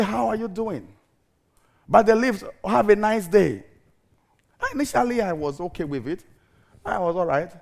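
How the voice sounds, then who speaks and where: A middle-aged male pastor tells a funny story from the pulpit, mimicking his own anger and breaking into laughter. His voice sits high and has a gravelly edge, and it leaps up and down as he acts out each part. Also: a little mellow. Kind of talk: sermon with comic storytelling.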